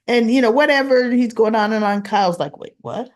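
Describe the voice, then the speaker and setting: A woman hosting a casual soap opera recap, animated and acting out the characters' lines. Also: a little high, a little fast, hardly any pauses.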